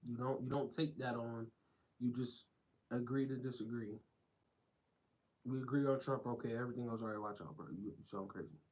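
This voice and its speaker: A male streamer with a mid-pitched voice talks straight into his stream. He is blunt and rambling and keeps looping back over the same phrases as he reacts to clips. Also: steady tone, fairly quick, long pauses, darkish tone, low-quality recording. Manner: blunt, rambling, repeats himself. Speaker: live streamer.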